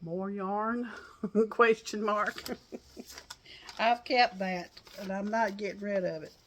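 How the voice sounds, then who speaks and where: A woman's voice: medium pitch, steady tone, slow, slight background noise. A woman, chatting to her viewers in a folksy, rambling way and a little out of breath. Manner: folksy, chatty storytelling with laughs. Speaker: crochet vlogger. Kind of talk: casual chat to viewers. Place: outdoors on a porch.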